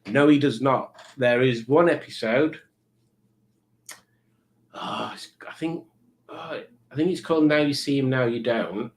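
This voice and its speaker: A middle-aged man hosts a live quiz stream in casual chat. He rambles, teases and pokes fun at himself. His voice sits at an everyday middle pitch. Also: a little slow, long pauses. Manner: chatty, rambling, teasing and self-mocking. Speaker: livestream quiz host.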